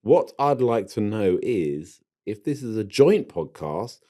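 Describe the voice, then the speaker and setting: Low, mellow-voiced male podcast co-host. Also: big pitch swings, takes it slowly, few pauses. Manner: rambling, self-interrupting, jokey. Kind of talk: casual chat.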